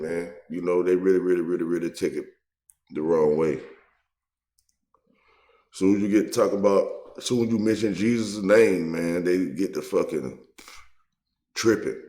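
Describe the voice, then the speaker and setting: A man's voice: low-pitched, a little mellow, roomy sound. A man hosting his own video, giving a heated, profane commentary full of street slang. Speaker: online video host.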